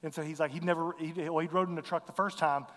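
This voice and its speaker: A man's voice: on the high side, steady tone, fast, a bit bright, long reverb tail. A man, earnestly telling a mission story to a congregation, acting out the dialogue. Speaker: missionary speaker.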